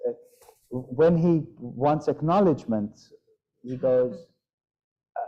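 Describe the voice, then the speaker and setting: A man leading a casual group discussion, talking in an animated way and imitating his pets' sounds. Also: medium pitch, slow, highs cut off. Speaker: group leader.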